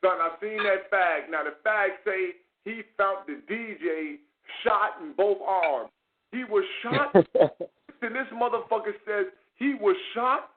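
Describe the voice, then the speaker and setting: A man hosting a casual chat, telling stories in a profane, animated way and mimicking the people he quotes. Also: sits high, a little slow. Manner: profane, animated storytelling with mocking quoted voices. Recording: tinny phone-like line.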